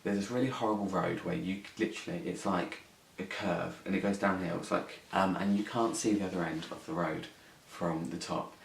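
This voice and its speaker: A man's voice: deep voice, steady tone, brisk, creaky, hardly any pauses. A young man telling a story on his vlog, sweary, rambling and indignant. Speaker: vlogger. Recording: echoey room, mic at a distance, faint hiss.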